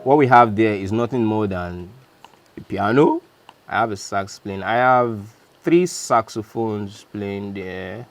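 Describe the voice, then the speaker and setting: A man's voice: lowish voice, slow, soft background music. Chatty man walking through his beat. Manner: chatty, loose, self-correcting. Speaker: music producer. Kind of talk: casual beat breakdown walkthrough.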